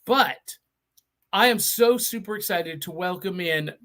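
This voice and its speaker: A man's voice: high-pitched, a little slow, a bit bright. A middle-aged man from Middle Tennessee hosting a live online show, chatty and enthusiastic with frequent restarts. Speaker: host.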